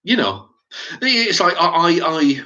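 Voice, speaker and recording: A middle-aged man with an English accent, talking in a halting, rambling monologue to his channel's viewers, often stumbling and repeating his words. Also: fairly high pitch, very animated, sharp tone, muffled recording. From England. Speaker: YouTube channel host.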